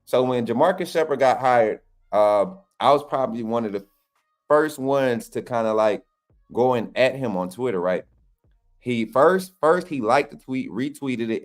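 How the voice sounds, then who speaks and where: A man co-hosting a fan channel, telling a story casually with lots of restarts and y'all. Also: medium pitch. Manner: rambling, many restarts and "y'all", animated.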